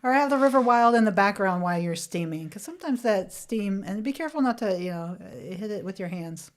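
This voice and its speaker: A woman's voice: mid-range voice, expressive, fairly quick. A woman co-hosting a podcast in casual chat, playful and teasing, laughing often. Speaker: podcast co-host.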